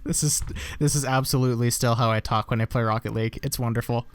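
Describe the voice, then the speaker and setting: A man's voice: mid-range voice, fairly even intonation, fast, slight background noise. A young man casually reacting to his old videos, rambling and swearing often, poking fun at himself. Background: guitar music.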